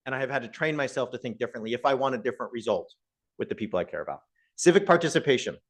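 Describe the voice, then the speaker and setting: A male professor speaks to a live audience in a meeting room. His pitch sits in the middle range. His delivery is conversational, and he often turns to the audience with questions. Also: animated, very fast. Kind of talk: public talk to a live audience.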